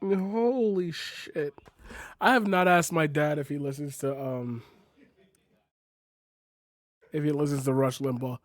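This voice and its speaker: Guy reacting to clips, high pitched, cussing, totally incredulous, dead dry sound. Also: steady tone, a little fast, no echo. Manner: incredulous, blunt, swears a lot. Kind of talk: profane reaction commentary.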